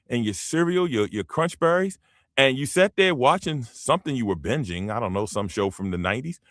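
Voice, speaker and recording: A man hosting his own show, talking in loose, rambling opinion commentary aimed right at his audience. His pitch jumps and swoops all over the place as he stresses his points. The sound is close and dry, with no room around it. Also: dry recording. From United States. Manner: animated, rambling, emphatic, addresses listeners directly. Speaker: show host.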